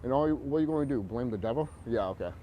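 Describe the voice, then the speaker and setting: Male vlogger, rambling combative rant, heavy swearing, low warm tone. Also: animated, racing, a little hiss or hum. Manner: profane, confrontational, full of fillers.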